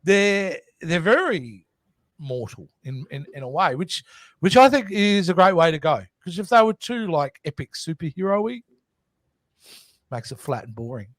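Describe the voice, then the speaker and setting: Animated man on a dry-sounding podcast. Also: a little high, moderate pace, dry recording. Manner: animated, playful, questioning. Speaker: podcast co-host. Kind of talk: casual chat.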